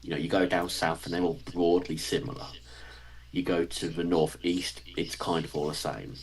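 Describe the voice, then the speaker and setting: A man's voice: sits low, little pitch movement, moderate pace, slightly rough, low-quality recording. Dry-witted English man, received pronunciation. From England. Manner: dry, teasing humor. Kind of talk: casual chat.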